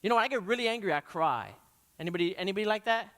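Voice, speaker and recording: A man preaching a youth sermon with passion, swinging between quiet, reflective stretches and loud, rising questions. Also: high voice, animated, very fast. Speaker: youth pastor. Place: church hall. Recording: long hall reverb.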